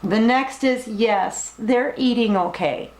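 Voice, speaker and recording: A woman giving a collective tarot reading, gently reassuring and emotional, speaking straight to the viewer. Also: a little high, takes it slowly, reverberant, poor audio. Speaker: tarot reader.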